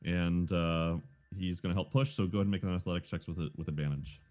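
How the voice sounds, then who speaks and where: A deep-voiced man runs a tabletop game as game master. He narrates the scene haltingly, pausing on fillers as he describes what the players find. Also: fairly even intonation, a little mellow.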